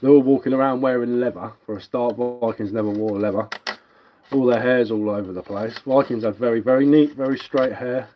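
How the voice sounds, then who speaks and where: A little fast, medium-pitched, and fairly even in intonation, an English man carves wood on a bushcraft livestream. He mixes London Cockney with a little Sussex, chatting casually and somewhat rambling as he takes comments.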